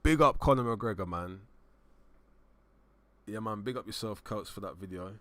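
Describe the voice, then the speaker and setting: A man's voice: fairly low pitch, normal speed, no echo. Laid-back male stream host. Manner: laid-back, reads out chat messages with slang shout-outs. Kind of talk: casual live-stream chat.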